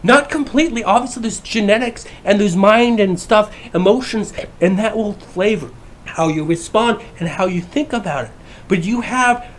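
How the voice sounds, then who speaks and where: Brief: male YouTuber, rather high voice, brash and profane casual rant. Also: moderate pace. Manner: profane, brash, swings between shouting and mumbling. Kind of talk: casual ranting monologue.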